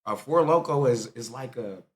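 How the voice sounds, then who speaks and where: A man's voice: mid-range voice, lively intonation, normal speed. Slangy man reacting casually. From United States. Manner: loose, slangy, incredulous. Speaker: reaction video host.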